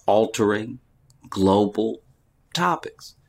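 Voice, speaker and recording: A man with a very low voice co-hosts a relaxed comedy podcast. He talks in an easygoing, drawn-out way and backs his co-host with steady affirmations. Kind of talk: casual comedic podcast chat.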